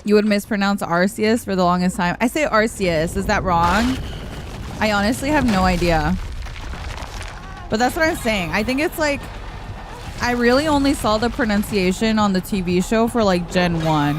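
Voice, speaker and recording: A woman's voice: mid-range voice, normal speed, noisy background. A woman streamer casually chatting with her viewers while playing a game, laughing often and reading the chat aloud.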